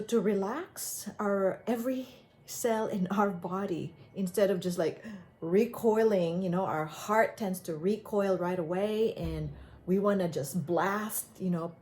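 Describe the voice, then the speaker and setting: A woman speaks as a self-help speaker, giving motivational advice about handling anger. She talks slowly and gently, in a calm, conversational way at a middle pitch. She often pads her points with casual fillers.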